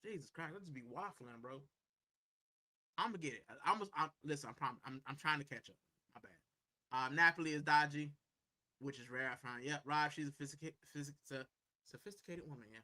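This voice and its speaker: Answering his viewers' comments in a loose, easygoing ramble, a livestream host speaks from a corner of his home. His high voice is very bright and forceful, his pace fairly quick, and "bro" turns up in almost every line.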